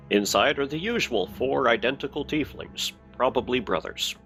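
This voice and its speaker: A man's voice: medium pitch, lively intonation, normal speed, sharp tone, faint music behind. A man narrating as game master of a tabletop game over voice chat, easygoing with fillers. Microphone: headset or desk mic on voice chat.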